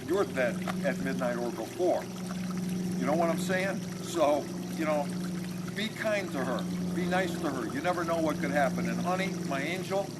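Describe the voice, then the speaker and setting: A man's voice: a little high, expressive, moderate pace, natural voice. A man voicing a crooked, streetwise male finance manager who talks out of the side of his mouth and speaks bluntly and protectively, recorded over trickling water noise. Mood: tough. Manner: blunt streetwise tough-guy talk.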